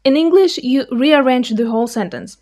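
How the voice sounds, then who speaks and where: A young woman with a Russian accent, a native Russian speaker, giving a playful, clearly explained scripted video lesson. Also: high voice, expressive, normal speed, a little mellow. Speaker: language teacher.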